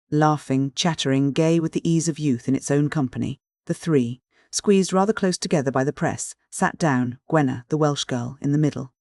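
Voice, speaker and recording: Brief: measured classic-novel audiobook narrator, mid pitch, dry close-miked sound. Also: a little mellow, no echo. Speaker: audiobook reader.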